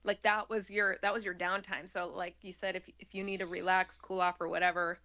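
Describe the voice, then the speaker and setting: A woman's voice: lowish voice, little pitch movement, a little fast, bright, forceful tone. A woman talking casually as an interview guest, chatty and laughing often, with many fillers.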